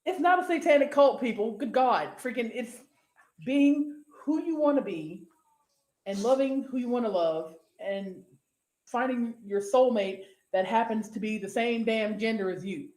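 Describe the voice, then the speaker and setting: A woman's voice: on the high side, unhurried, darkish tone, roomy sound. A woman co-hosting a casual podcast, talking bluntly, swearing freely and breaking into exclamations. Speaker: podcast co-host.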